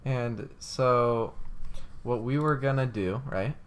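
A man's voice: mid-range voice, slow, clean tone. A young man co-hosting a casual podcast, telling stories in a rambling way with many fillers, restarts and giggles. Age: young adult. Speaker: podcast co-host.

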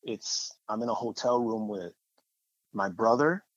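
A man's voice: on the low side, a little slow, no room sound, highs cut off. A man sharing a personal faith testimony in a conversational, rambling way, with fillers and repeated phrases.

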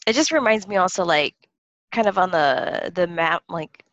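A woman with a fairly low voice co-hosts a podcast in easygoing, giggly chat. Her sound is dry and a little dull and lo-fi, with no room echo. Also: expressive, moderate pace, fairly bright tone. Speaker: podcast co-host. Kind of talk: casual chat.

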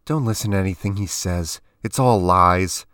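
A guarded young woman answers in short, wary phrases, voiced by a man. The pitch sits only a little above the reader's low voice, and the sound is dry and close. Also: normal speed, fairly bright tone, smooth, no room sound. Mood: curt.

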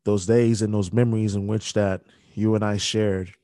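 A young man hosting a podcast, speaking a halting, grief-filled dedication with many restarts. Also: lowish voice, flat delivery, mellow, no room sound. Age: young adult. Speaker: podcast host. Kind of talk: emotional spoken dedication.

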